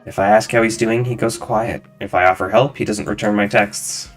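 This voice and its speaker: A man reading game lines for a gentle woman friend who tends a bar, in a soft, sympathetic way close to his own voice. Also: lowish voice, fairly even intonation, moderate pace, soft background music, lightly acted.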